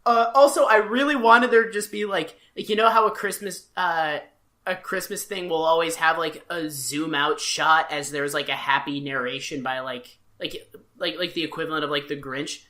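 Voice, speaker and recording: Rambling co-host with a bright voice. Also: male voice, a little high, steady tone, normal speed. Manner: rambling, lots of filler words. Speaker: podcast co-host. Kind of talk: casual podcast chat.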